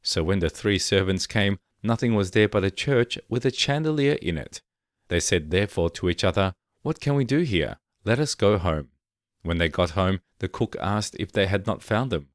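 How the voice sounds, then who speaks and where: Brief: male storyteller, deep voice, calm measured reading, dead-dry booth. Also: dry recording. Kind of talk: scripted fairy-tale narration.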